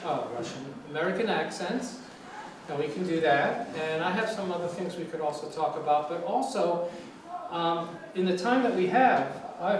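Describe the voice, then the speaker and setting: A man from New York City speaks to a class in an easy, chatty way, stopping often to restart his thoughts. His voice sits slightly high. It comes from a distance in a very echoey room with a faint hiss underneath. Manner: relaxed, chatty, many fillers and restarts. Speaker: guest lecturer on English. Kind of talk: informal classroom talk. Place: university lecture room.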